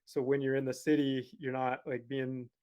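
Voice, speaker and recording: A young man who is a podcast guest, telling a story in a casual, animated, profane way. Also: medium pitch, moderate pace, clear, resonant tone, lo-fi sound.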